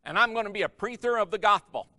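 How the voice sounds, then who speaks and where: A man preaching, voicing an earnest young male Bible student, shy but determined, who speaks in an eager, deliberate way. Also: high-pitched, animated, bright, forceful tone, in a large hall, voice pushed up.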